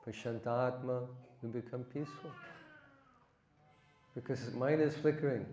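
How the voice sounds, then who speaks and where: A man's voice: mid-range voice, warm tone. A man teaching a devotional lecture, asking his listeners rhetorical questions and reciting verses. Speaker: spiritual teacher. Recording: echoey room.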